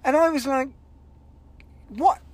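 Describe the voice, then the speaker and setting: Sweary comic, rambling and self-deprecating. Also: male voice, a little high, animated, moderate pace, a bit bright, no echo. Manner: rambling, sweary, self-deprecating, with big vocal swings when acting out others. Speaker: stand-up comedian. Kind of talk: casual solo podcast monologue.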